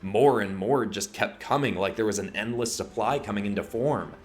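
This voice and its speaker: A man narrating a scripted fantasy story in a steady, dramatic way. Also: fairly low pitch, normal speed.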